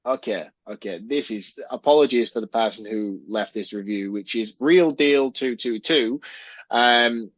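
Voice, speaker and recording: A man's voice: mid-range voice, unhurried, dry recording. Male co-host, easygoing and laughing often, on a dry, lo-fi mic. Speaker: podcast co-host. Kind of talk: casual chat about films.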